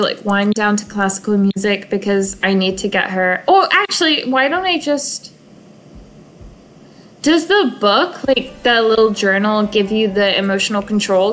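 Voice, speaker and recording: A woman's voice: mid-range voice, a little hiss or hum, rough recording. A young woman giving casual, emotional commentary while playing a life-simulation game, often sighing over sad moments. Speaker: gaming video creator. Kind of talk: casual let's-play commentary.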